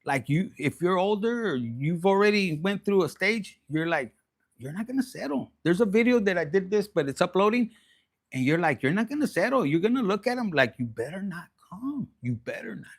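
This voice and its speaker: A man giving a casual livestream tarot reading, profane and animated, dropping into Spanish slang. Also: sits high, brisk. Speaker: tarot reader.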